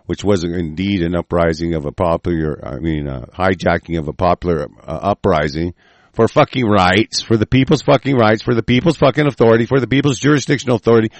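A man's voice: low voice, fairly quick, no room sound. A man hosting a talk show, ranting angrily with constant swearing and rambling restarts. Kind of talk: profane political rant.

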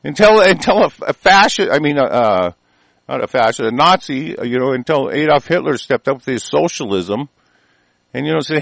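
A man's voice: mid-range voice, lively intonation, normal speed, gravelly, fairly bright tone, no echo, rough recording. Man, political rant, heated, rambling, stumbling fillers, dry close sound.

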